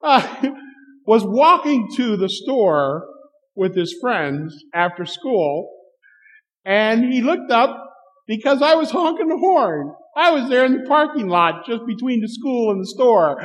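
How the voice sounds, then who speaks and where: A man's voice: very high voice, very animated, slow pace. A middle-aged man preaching a sermon, telling stories and acting out the dialogue with chuckles. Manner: storytelling with acted-out dialogue and chuckles. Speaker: pastor. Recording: long hall reverb.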